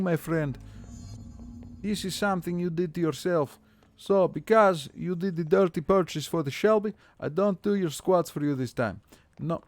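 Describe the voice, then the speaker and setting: A man's voice: high-pitched, a little mellow, no echo, close to an everyday voice. A man putting on a stern Russian accent with broken grammar, playing an angry scolding Russian man. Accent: put-on Russian.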